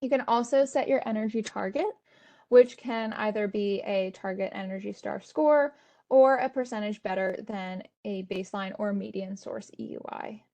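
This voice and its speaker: Woman, webinar presenter walking viewers through a tool; steady, explanatory, mid pitch, casual fillers. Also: moderate pace. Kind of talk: instructional webinar walkthrough.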